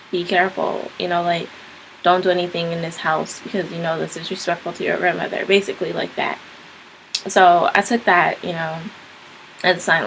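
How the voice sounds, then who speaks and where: A woman's voice: on the low side, fairly bright tone, slight background noise, rough recording. A young woman casually telling a personal story to camera, rambling with lots of "like" and "um". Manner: rambling, frequent "like" and "um" fillers. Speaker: vlogger.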